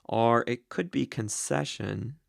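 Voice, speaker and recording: A man teaching the Greek grammar of a Bible passage, slow and deliberate, with many ums and uhs. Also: medium pitch, gravelly, dry recording, studio quality.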